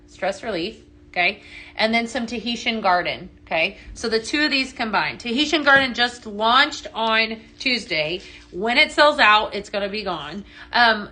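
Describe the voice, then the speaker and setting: A woman hosting a live product demo, talking chatty and upbeat and ending lines with quick "okay?" and "right?" checks. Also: a little high, pushed and bright. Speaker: live shopping host.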